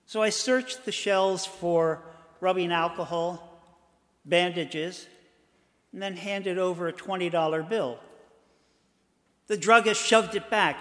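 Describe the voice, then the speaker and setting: Slow, high-voiced older male storyteller. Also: a bit bright. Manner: measured, dramatic pauses. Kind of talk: told personal story. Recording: long hall reverb.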